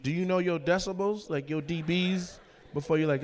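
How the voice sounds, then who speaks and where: A man doing loud, teasing crowd work as a stand-up comedian on a comedy club stage, with a handheld mic. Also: a little high. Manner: loud, teasing, quick-jumping between voices.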